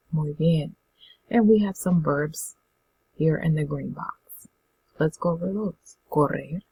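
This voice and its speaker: A woman teaching a beginner Spanish lesson, patiently saying words and pausing so students can repeat them. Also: on the low side, creaky, dark tone, husky, poor audio. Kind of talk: classroom language lesson.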